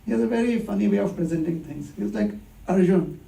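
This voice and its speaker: High-voiced man preaching in an echoey hall. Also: quick pace, gravelly. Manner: lively storytelling with rhetorical questions and acted-out dialogue. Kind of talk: conversational sermon. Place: temple hall. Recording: echoey hall, distant mic.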